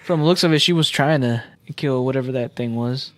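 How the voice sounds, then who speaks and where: A man's voice: mid-range voice, a little fast, no echo. Slangy young man arguing in casual chat. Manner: blunt, slangy, argues his point.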